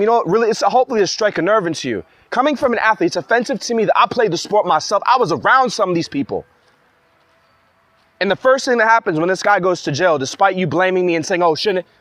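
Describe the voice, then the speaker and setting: A man's voice: high-pitched, fairly bright tone, dry recording. A young man in a heated, rambling monologue, speaking in an agitated way full of restarts. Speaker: vlogger ranting to camera.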